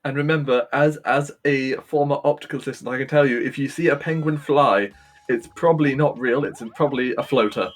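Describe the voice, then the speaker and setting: Brief: male live commentator, mid-pitched, playful banter, laughs a lot, faint music under. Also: fairly quick. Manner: joking, chatty, laughs often. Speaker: speedrun commentator.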